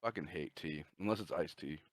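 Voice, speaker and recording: A man's voice: very deep voice, brisk, dry recording, studio quality. A man co-hosting a casual podcast, chatting in a laid-back way. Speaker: podcast co-host. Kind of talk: casual chat.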